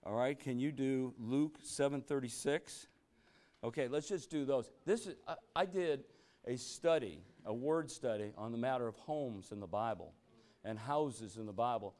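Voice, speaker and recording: A church meeting leader runs an interactive Bible study, preaching emphatically with exclamatory bursts and firing rhetorical questions like "you know what?" at his listeners. His voice is medium-pitched and darkish, at normal speed.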